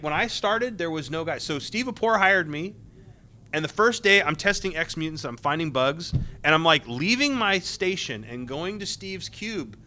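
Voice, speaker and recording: A man on a convention panel, recalling his years as a game tester. His voice is bright and forward, and he rambles with plenty of restarts and little laughs. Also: fairly high pitch.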